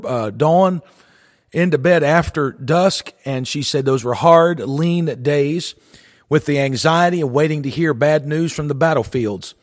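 A man preaching a sermon, his voice a little higher than most men's. He tells stories in a folksy, earnest way, and his voice rings out with a long reverb as if in a large hall.

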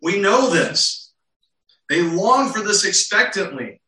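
Male pastor, sermon, earnest rhetorical questions, very bright voice, slightly high, roomy echo. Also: big pitch swings, slow pace. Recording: roomy and distant.

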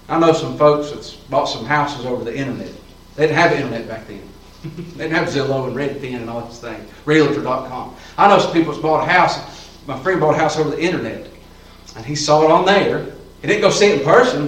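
A man preaching a sermon in a church, in a folksy, fervent style with plain colloquial talk. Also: fairly high pitch. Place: church sanctuary. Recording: roomy echo, voice from far off, faint ambience.

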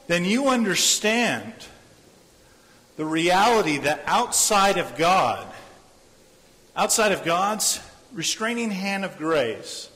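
Earnest preacher in a reverberant hall. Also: male voice, high voice, big pitch swings, slow, pauses often, sharp tone. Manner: earnest, repeats phrases, acts out quoted voices. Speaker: pastor. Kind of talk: sermon.

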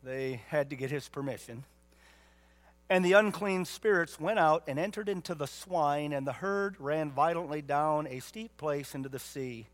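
A man's voice: fairly high pitch, moderate pace. A man pastor preaching a sermon with emphatic rhetorical questions and folksy asides.

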